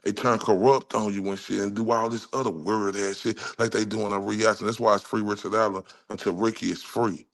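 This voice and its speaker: A man from Dallas, Texas, hosts a livestream with a low voice, fairly even intonation, and a slightly fast pace with hardly any pauses. He's delivering a furious rant packed with profanity.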